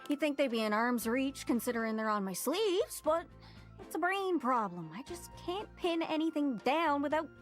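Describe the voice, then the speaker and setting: A woman's voice: sits high, expressive, moderate pace, faint music behind. Chatty Newfoundland globe lady. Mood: chatty wistful. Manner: rambling, folksy, over-eager. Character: chatty lonely globe woman, eager and awkward. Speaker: game character.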